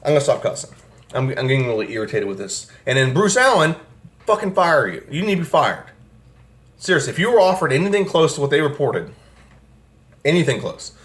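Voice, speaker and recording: A young man rants at length about his football team, swearing often and sounding exasperated. His voice sits a little high for a man. He talks as a fan channel host from a room at home. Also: very animated, a little fast, a bit bright. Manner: angry, profane, exasperated ranting. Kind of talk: ranting sports commentary vlog. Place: home room with air conditioner.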